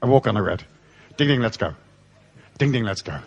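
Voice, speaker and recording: Lively, irreverent male seminar speaker. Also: lowish voice, brisk, breathy edge, dull audio. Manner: irreverent, swears freely, playful storytelling. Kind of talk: live seminar talk. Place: live seminar before an audience.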